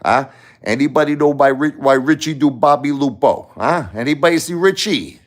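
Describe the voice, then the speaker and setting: A man's voice: a little high, moderate pace, pitched above the performer's own voice, close to an everyday voice. A man doing an impression of a tough-guy movie cop, asking terse, menacing questions.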